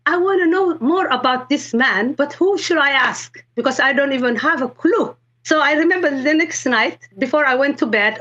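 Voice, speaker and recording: High-voiced excited woman from Somalia. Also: highs cut off. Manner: animated, excited storytelling with quoted dialogue. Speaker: guest sharing a conversion testimony. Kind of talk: emotional personal testimony.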